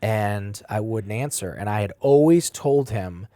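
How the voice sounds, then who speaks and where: A man's voice: fairly low pitch, unhurried, no room sound, clean studio sound. Blunt, swearing man telling his story. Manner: animated, swings between loud and quiet. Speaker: podcast guest. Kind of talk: emotional personal storytelling.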